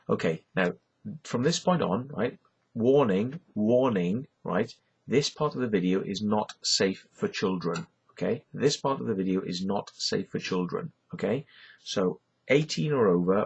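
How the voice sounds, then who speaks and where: A middle-aged Welsh man talks to camera in a loose, rambling way, leaning on "you know" again and again. His voice sits low and gravelly, with a deeply husky edge. The recording sounds muffled and lo-fi. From Wales. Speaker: YouTuber. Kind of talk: casual rambling monologue.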